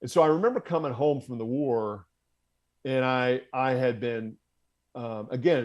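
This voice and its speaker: An American man, once a Marine officer, recounts his past in a relaxed conversational flow. He swears freely and often laughs at his own expense. His voice sits at an ordinary middle pitch for a man. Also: moderate pace, muffled recording. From United States. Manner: candid and profane, laughing at himself. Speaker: podcast guest, former Marine officer. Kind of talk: casual storytelling in conversation.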